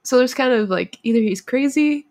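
A woman's voice: high-pitched, expressive, moderate pace, a little mellow. A young woman with a Midwestern accent, co-hosting a casual podcast in an easygoing way, laughing often and leaning on filler words. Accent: Midwestern American. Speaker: podcast co-host. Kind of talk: casual chat.

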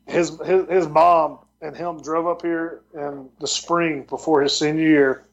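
Man, football coach, guest on a podcast. Somewhat high voice, rambling delivery with frequent restarts, dull lo-fi sound. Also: fairly even intonation, a little slow, creaky. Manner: rambling storyteller with many restarts. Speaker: football tight end coach and recruiting coordinator. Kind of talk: casual podcast interview.

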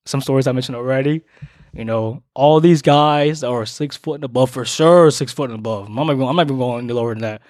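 A man telling a dating story in a casual, animated way, jumping loud and high for emphasis. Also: fast, no echo, clean studio sound.

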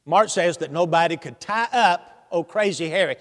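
A man's voice: a little high, moderate pace. A man preaching a sermon, telling the story animatedly with humor and asking the congregation questions. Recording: long hall reverb.

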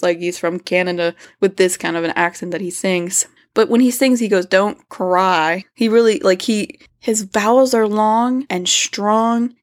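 A woman hosting a casual music review podcast, chatty, now and then singing short bits of melody. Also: medium pitch. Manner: chatty, sings and hums snippets of lyrics. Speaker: podcast host.

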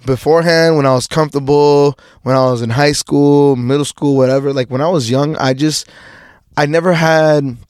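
This young podcast host has a fairly high, steady, smooth voice with a darkish tone, speaking at moderate speed. He meanders through a casual personal monologue, restarting a lot and swearing casually, in echo-free studio quality.

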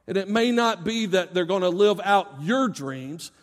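A middle-aged male pastor preaching a sermon. He speaks straight to parents, swinging from loud emphasis to soft, low asides. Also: expressive, a little slow. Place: church sanctuary. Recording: long reverb of a large church hall.

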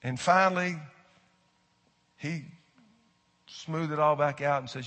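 A man's voice: fairly high pitch, slow pace, bright, forceful tone. A middle-aged male pastor preaching a sermon in folksy storytelling style, talking straight to his congregation in a large church. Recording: echoey hall with long reverb.

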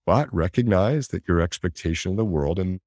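A man talking in a reflective conversation, animated, acting out inner voices and laughing often. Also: deep voice, normal speed, no echo, clean studio sound.

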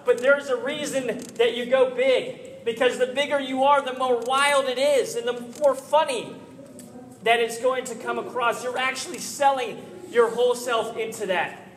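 A man giving earnest coaching tips to volunteers, often checking in with a quick "right?". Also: extremely high pitch, fairly even intonation. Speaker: presenter giving training tips. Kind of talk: instructional talk. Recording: echoey hall with slight noise.

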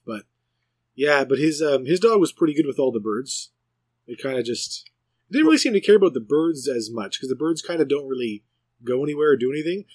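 A man's voice: medium pitch, no room sound. A middle-aged man co-hosting a podcast in easygoing, joking casual chat. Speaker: podcast co-host.

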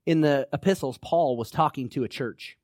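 A man's voice: a little high, normal speed, a little mellow, dry recording, studio quality. A man preaching a sermon as pastor, emphatic and exhorting, rallying listeners with "come on now".

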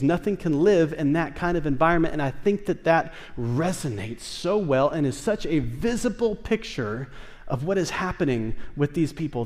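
A man preaching a sermon in a church sanctuary, animated and building to emphatic bursts. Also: high-pitched. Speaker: pastor. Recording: long reverb of a church hall.

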